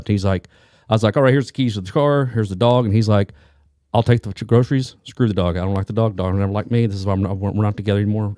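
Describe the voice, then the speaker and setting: A man's voice: lowish voice, dark tone, no echo, studio quality. A man co-hosting a podcast, telling a rambling anecdote full of restarts and asides in casual chat. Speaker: police detective and co-host.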